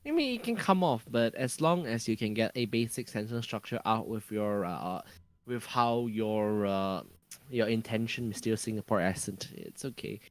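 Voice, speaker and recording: A man's voice: lowish voice, moderate pace. A man from Malaysia with a Malaysian English accent, a podcast guest talking casually, often hunting for words and restarting sentences. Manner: searching for words, many restarts and fillers.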